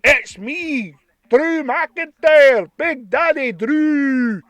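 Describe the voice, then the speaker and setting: A man's voice: extremely high pitch, fairly bright tone, dry recording, pitched above the performer's own voice, heavily acted. An English man doing a swaggering Scottish wrestler. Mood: boastful. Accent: mock Scottish. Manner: slow, drawn-out boasting. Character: bragging Scottish male wrestler.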